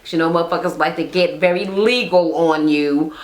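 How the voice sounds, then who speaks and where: A woman's voice: lowish voice, fairly quick. Profane ranting woman recapping reality TV. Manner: blunt, profane, animated storytelling.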